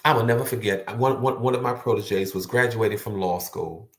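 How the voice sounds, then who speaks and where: A motivational speaker with a fairly low voice talks briskly to the viewer, earnest and emphatic, repeating words for stress. The recording has a roomy echo.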